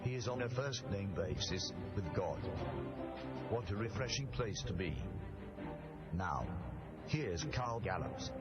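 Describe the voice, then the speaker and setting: A man reading a dramatic scripted show intro as a radio announcer, in a booming promo delivery over loud music. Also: expressive, slow, long pauses, lo-fi sound.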